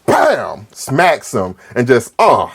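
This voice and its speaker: A man co-hosting a relaxed film discussion with a lively, swinging pitch. He talks emphatically and exclaims often as he makes his points. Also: slow pace, slightly rough. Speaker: podcast co-host.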